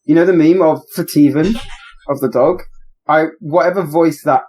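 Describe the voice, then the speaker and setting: A man's voice: a little high, normal speed, a little mellow. A man at a tabletop game, chatting in a wry, rambling way. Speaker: player. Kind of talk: casual chat at a game table.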